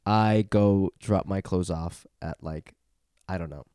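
A man's voice: deep voice, takes it slowly, dark tone, clean tone, no echo, clean studio sound. A man co-hosting a podcast, telling a story in casual chat, swearing freely and acting out both sides of a conversation. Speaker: podcast co-host.

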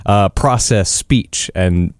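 A man's voice: lowish voice, slow, no room sound, clean studio sound. A man co-hosting a radio show, eagerly explaining technology in casual chat.

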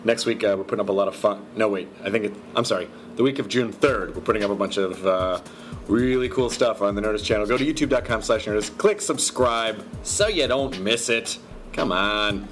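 A man's voice: on the low side, fairly quick, fairly bright tone, faint music behind. Rambling joking male podcast host. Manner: rambling, self-correcting, joking. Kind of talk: casual podcast intro and ad read.

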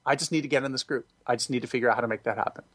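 A man being interviewed, telling stories expressively and acting out quoted voices, with sudden high jumps for emphasis. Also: steady tone, very fast, fairly bright tone, no echo. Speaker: guest, singer and former music director. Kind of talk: animated interview storytelling.

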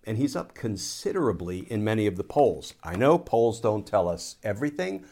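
A man, a former Army lawyer, giving a political commentary monologue in a measured, explanatory courtroom style. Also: lowish voice, big pitch swings, creaky, darkish tone.

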